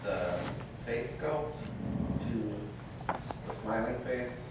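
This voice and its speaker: A man in the audience asking a question quietly and tentatively. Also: mid-range voice, drawn-out words. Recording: faint, distant, echoey, very noisy.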